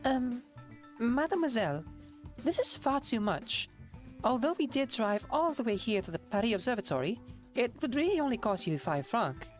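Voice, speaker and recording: A woman voicing a kind, easygoing woman taxi driver in a fan game dub, with a plain, gently wry way of talking. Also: a little high, very animated, moderate pace, soft background music.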